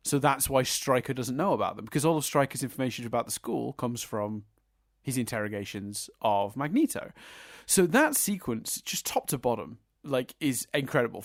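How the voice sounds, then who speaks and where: A man's voice: medium pitch, expressive, brisk, dry recording, clean studio sound. A man co-hosting a film review podcast, chatting enthusiastically, laughing often and swearing casually. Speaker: podcast co-host.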